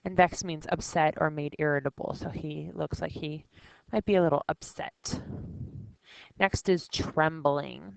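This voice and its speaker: A woman's voice: sits low, fairly even intonation, measured pace, gravelly, dry recording, rough recording. A woman teaching vocabulary, reading lines from a novel and explaining each word in a casual way with small fillers.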